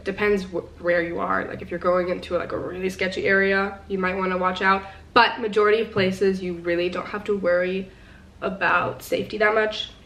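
A woman's voice: mid-range voice, fairly bright tone, far from the mic. A teenage girl talking casually to her viewers in a vlog. She rambles and chatters with plenty of fillers and a mid-range voice. The sound is roomy and picked up from a little way off the mic. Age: teens. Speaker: vlogger.

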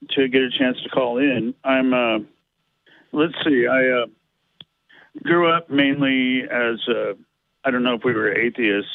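A man's voice: medium pitch, dry recording. Hesitant man calling in over a tinny phone line. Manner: hesitant, rambling, many fillers. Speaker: caller. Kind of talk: phone-in call.

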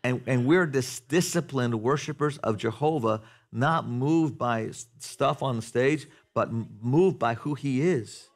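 A man preaching a sermon to a congregation in a church, talking conversationally, asking the room questions and building to loud, animated passages. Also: medium pitch, a little slow, few pauses. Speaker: pastor. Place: church sanctuary before a congregation.

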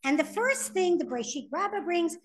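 A woman's voice: extremely high pitch, moderate pace, a little hiss or hum. A woman teaching a class, reading sources aloud and translating them as she explains. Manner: animated, reads Hebrew text then translates. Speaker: Torah teacher. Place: classroom with students.

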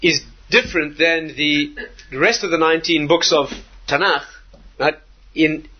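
A man, a rabbi, giving a Torah lecture in an animated way, repeating phrases and asking rhetorical questions. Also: on the high side, a little slow, dull audio.

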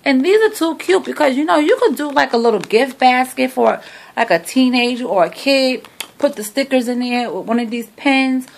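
Gravelly and high, a middle-aged woman's voice moves at normal speed as she shows off her shopping haul. Filming on her phone at home, she chats casually and sassily to camera, treating viewers like friends.

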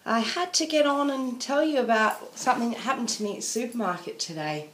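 A woman's voice: a little high, fairly quick, fairly bright tone. A woman venting in a casual video diary, rambling and apologetic. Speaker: vlogger. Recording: echoey room.

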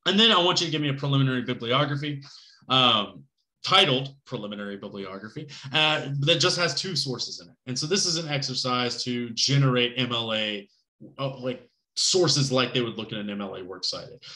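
Male college instructor, bright tone, loose chatty delivery, roomy echo. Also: medium pitch, fairly quick. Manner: casual, conversational, lots of fillers and "right?" checks; joking asides. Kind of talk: recorded class lecture.

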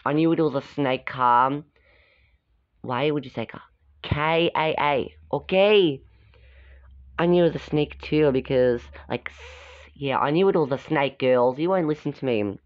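Slow, low-voiced woman reading a storybook. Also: dry recording. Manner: chatty, stops to comment on the pictures. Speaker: storybook reader. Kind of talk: casual reading aloud with chatty asides. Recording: dull, dry lo-fi recording.

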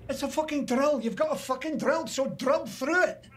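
An actor playing a furious, bullying Scottish oil rig boss in a video game, harsh, barking and foul-mouthed. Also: male voice, very high-pitched, moderate pace. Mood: shouting. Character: furious middle-aged male rig boss, bullying tyrant.

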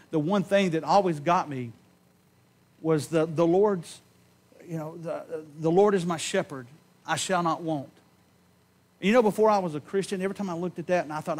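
A man preaching a sermon in a church, giving an impassioned personal testimony that swings from loud emphasis to hushed tones and slows on key words. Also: a little high. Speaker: pastor. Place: church sanctuary.

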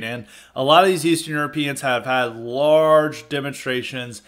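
A man's voice: mid-range voice, normal speed, few pauses, a bit bright. A man hosting a podcast, giving blunt, indignant opinion commentary with restarts and chuckles. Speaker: podcast host.

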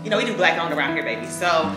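A woman leading a toast for a friend at an indoor party, lively and slangy, guiding the group. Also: low-pitched, rapid-fire. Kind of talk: casual party speech. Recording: echoey room with loud party music.

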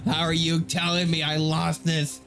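A man giving gameplay commentary as a video host, animated and ranting. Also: fairly high pitch, normal speed, faint music behind. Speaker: gaming YouTuber.

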